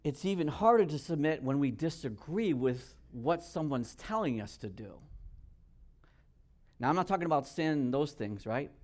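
A man preaching a sermon as pastor, telling stories earnestly with restarts and dropping to a hushed tone for serious points. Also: medium pitch. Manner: earnest storytelling with many restarts.

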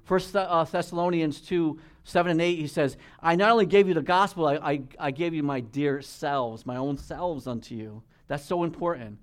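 Preaching man with emphatic exhortations. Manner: reads King James scripture in a slower, lower voice. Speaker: pastor. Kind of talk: sermon.

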